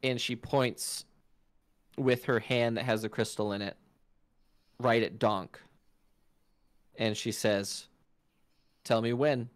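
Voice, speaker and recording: A man narrating as game master of a tabletop game, telling the story in an animated way and voicing sound effects aloud. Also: on the low side, slow, pauses often, dry recording.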